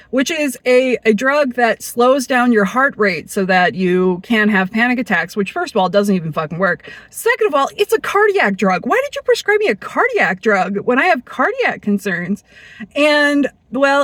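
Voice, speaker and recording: A woman's voice: a little high, dry recording. A woman telling a personal story in a candid, blunt monologue, swearing freely and acting out the people she quotes. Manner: blunt, profane, animated, acts out quoted people.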